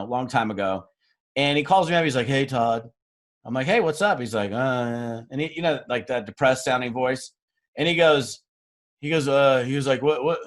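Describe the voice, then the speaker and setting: A middle-aged man giving a motivational training talk to a sales team, telling stories and acting out the dialogue with joking, self-mocking asides. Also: a little high. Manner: animated storyteller acting out dialogue, jokey asides. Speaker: network marketing trainer.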